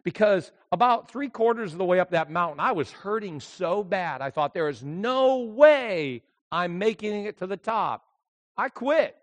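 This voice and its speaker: An older man, a pastor, preaching a sermon as a story, moving from hushed reflection to near-shouting. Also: high-pitched, animated, unhurried.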